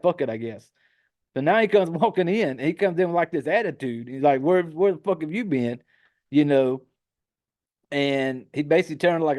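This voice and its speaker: Casting: male podcast host, slightly higher voice, swears freely, sarcastic asides. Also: a little mellow. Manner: profane, sarcastic, laughing asides. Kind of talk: casual movie recap.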